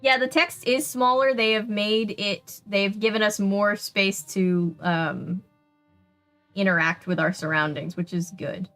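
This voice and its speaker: A woman's voice: mid-range voice, fairly even intonation, unhurried, fairly bright tone, soft background music. A woman with a Southern US accent, chatting casually and laughing often while streaming a video game. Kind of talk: casual gameplay chat.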